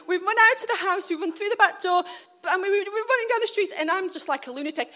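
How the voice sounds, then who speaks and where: Lady preaching on stage, super high voice, tells stories animated. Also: fast. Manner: animated storytelling, acting out scenes. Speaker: church speaker. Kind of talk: sermon with personal story.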